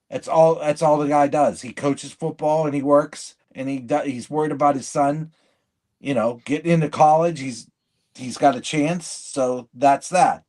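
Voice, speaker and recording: A man with a slightly high voice talks in casual podcast chat. He is blunt and rambling, cutting himself off and restarting mid-sentence. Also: a little mellow. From living in Michigan. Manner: rambling, blunt, self-interrupting. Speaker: podcast co-host.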